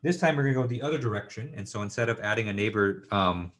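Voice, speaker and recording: A man's voice: lowish voice, animated, fast talker, a bit bright. A man giving a university engineering lecture, thinking aloud with lots of fillers and checking in with students.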